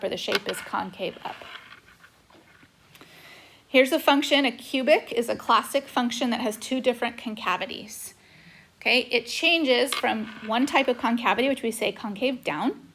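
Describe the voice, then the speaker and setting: A woman's high-leaning, slightly bright voice carries a chatty math lesson, peppered with "okay," as she works on a whiteboard recording. The tablet microphone adds a little hiss or hum.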